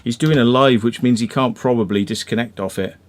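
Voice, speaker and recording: A man's voice: mid-range voice, fairly quick, slight background noise. A man with a Welsh accent chatting casually as a live-stream host, rambling with lots of fillers and restarts. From Wales.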